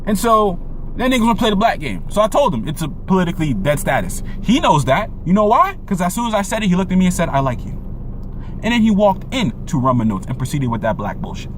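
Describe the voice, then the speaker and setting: A young man preaches his point in a fast, profane rant, circling back on his words and firing off rhetorical questions. His voice sits high and swings widely up and down. Faint noise hums behind him. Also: very animated. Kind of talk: impassioned monologue rant.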